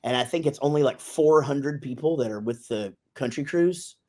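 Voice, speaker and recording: A man's voice: medium pitch, moderate pace, a little mellow. A middle-aged man co-hosting a podcast in casual chat, rambling loosely and swearing now and then. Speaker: podcast co-host.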